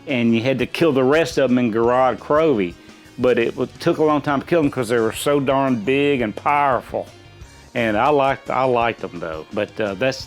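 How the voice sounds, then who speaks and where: Middle-aged dad, folksy and rambling, casual chat with faint music underneath. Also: male voice, medium pitch. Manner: rambling and folksy, many restarts. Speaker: quiz contestant.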